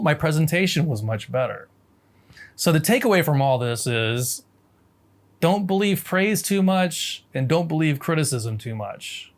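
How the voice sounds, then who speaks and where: Reflective American man, slightly high voice. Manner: reflective, with frequent restarts and fillers. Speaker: language teacher. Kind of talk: casual storytelling lesson.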